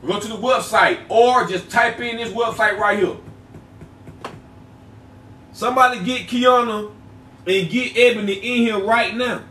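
A man talks loosely with viewers on a livestream. His voice sits high, and he circles back to the same phrases again and again. The sound is roomy and slightly distant from the mic. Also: sharp tone, slight background noise. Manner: loose, repetitive, chatty, drawn-out phrases. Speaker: livestream host selling herbal products. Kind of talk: casual livestream chat with viewers. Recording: echoey room, voice a bit far from mic.

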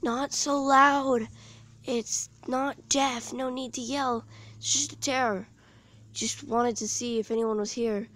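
A cool, unafraid girl from a storybook, giving orders in a slow and steady way, as a woman reads her part. It is close to the reader's own voice. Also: a little high. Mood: calm, bossy. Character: calm bossy girl, unafraid.

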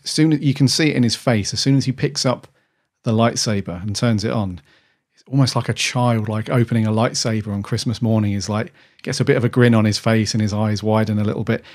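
Man, lowish voice, rambling casual chat, podcast co-host. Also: steady tone, fairly quick, a little mellow. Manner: rambling, chatty, many restarts.

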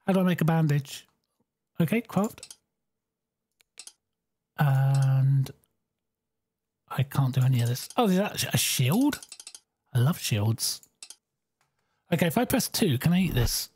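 Animated gamer thinking aloud. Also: medium pitch, measured pace, pauses often, breathy edge. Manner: bemused, exclaiming, thinks aloud. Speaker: game streamer. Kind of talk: live gameplay commentary.

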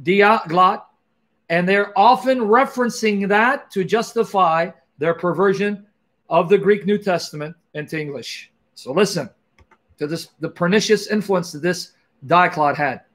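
A man's voice: high-pitched, measured pace, a bit bright. A man hosting a Christian apologetics stream, commenting emphatically on a played clip, repeating key words and addressing viewers directly. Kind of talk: commenting on a played video, livestream.

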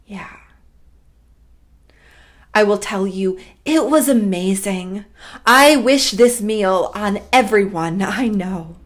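Preaching from the pulpit, a middle-aged female pastor recounts something from her own life. Her delivery is unhurried and warm, and her pitch moves a lot as she tells the story.

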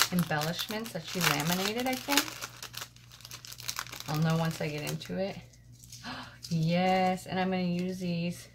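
A woman at her home craft desk chatting casually and excitedly as she shows off mail she received, picked up by a camera on the desk. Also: on the low side, slight background noise. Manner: gushing, excitable, rambling. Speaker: crafting vlogger.

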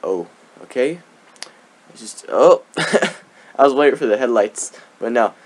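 A man's voice: mid-range voice, expressive, unhurried. A young man giving casual, rambling gameplay commentary, giggling often and tossing in sarcastic asides. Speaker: let's play gamer.

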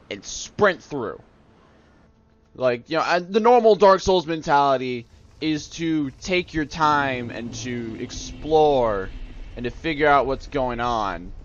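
A man's voice: mid-range voice, lo-fi sound, a little hiss or hum. A man hosting a let's play, rambling and sarcastic in his gameplay commentary. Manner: sarcastic, rambling, easily annoyed.

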